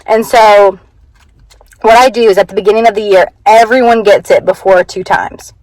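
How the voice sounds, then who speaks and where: A woman's voice: medium pitch, steady tone, normal speed, a little mellow, no echo, poor audio. A young woman who teaches first grade, chatting earnestly in a casual vlog and peppering her story with "like.". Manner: chatty and earnest, many "like" fillers.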